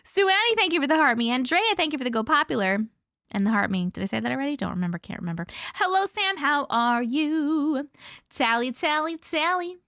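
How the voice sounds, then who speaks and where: A woman's voice: high voice, lively intonation, fairly quick, fairly bright tone, no echo, studio quality. A woman hosting a casual livestream, chatting and greeting viewers by name in a bubbly way. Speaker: livestream host. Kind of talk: casual livestream chat reading comments.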